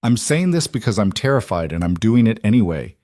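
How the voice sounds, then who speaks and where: A man's voice: fairly low pitch, sing-song, brisk, a little mellow, no room sound. A man voicing a wary, wounded young woman who survived a crash, speaking in a hesitant, vulnerable way.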